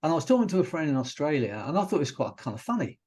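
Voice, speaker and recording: A British hypnotherapist telling stories in a relaxed, rambling way, often restarting his sentences as a podcast guest. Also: a little high, very fast, slightly rough. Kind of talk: casual interview chat.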